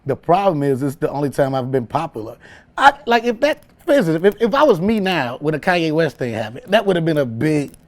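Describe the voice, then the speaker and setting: A man, a comedian telling a story in an interview, animated and laughing often as he acts out voices. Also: fairly high pitch, brisk. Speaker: comedian guest.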